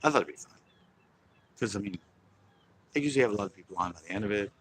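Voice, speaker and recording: A man's voice: on the low side, lively intonation, rapid-fire, a bit bright, husky, rough recording. A man hosting a casual fishing live stream outdoors on a pier, rambling and chuckling as he talks. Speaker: fishing livestream host.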